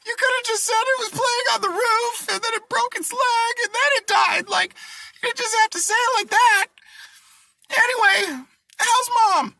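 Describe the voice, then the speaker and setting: A man voicing a shrieking, panicked woman in spoken jokes, with a shrill squeal. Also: moderate pace, vocal fry, bright, forceful tone, recorded from a distance, heavily acted. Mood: frantic.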